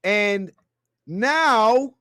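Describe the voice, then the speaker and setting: A man's voice: high voice, expressive, extremely slow, bright, forceful tone, no room sound, clean studio sound. A man hosting a ranting comedy commentary, crude and mocking, laughing at his own jokes. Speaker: channel host.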